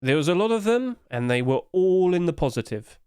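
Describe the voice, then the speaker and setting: A man's voice: high-pitched, big pitch swings, brisk, darkish tone, clear, resonant tone, no room sound, studio quality. A man hosting casual commentary, chatty and hedging, with apologetic asides, recorded at home on a desk mic. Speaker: host.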